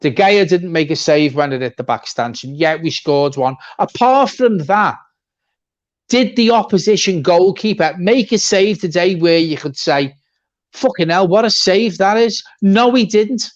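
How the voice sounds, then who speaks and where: Fired-up bloke ranting about his team, swears a lot, a bit high voice, dull lo-fi sound. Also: lively intonation, a little slow. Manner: blunt, swearing, repetitive ranting. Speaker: fan channel co-host. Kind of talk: ranting football reaction chat.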